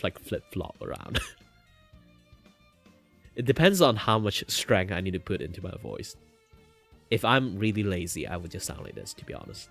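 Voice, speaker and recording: Young man, streamer chatting while drawing, filler-heavy rambling, faint music behind. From Malaysia. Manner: rambling, many filler words, flips between a low voice and a higher one.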